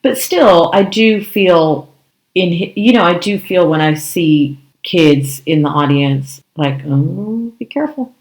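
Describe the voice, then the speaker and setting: Woman podcast co-host, unhurried, lowish voice, thoughtful, echoey room. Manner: thoughtful, measured, frequent "right?" checks. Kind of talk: casual discussion.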